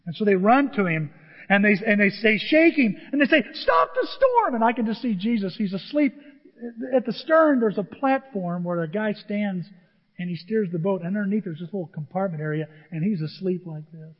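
A man preaching a sermon as pastor, telling stories in an animated way and acting out voices. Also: high-pitched, brisk, in a large hall, highs cut off. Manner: animated storytelling with acted-out voices.

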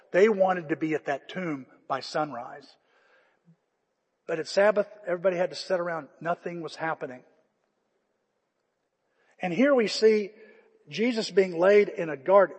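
An older pastor with a voice on the high side and slightly rough preaches a conversational sermon in a church sanctuary. He retells scripture to his congregation with feeling, and the recording carries the long reverb of a church hall.

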